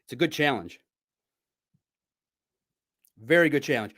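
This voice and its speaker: A man hosting a sports podcast in casual chat, bantering playfully and trading friendly trash talk, jumping between loud bursts and low asides. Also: wildly swooping pitch, unhurried.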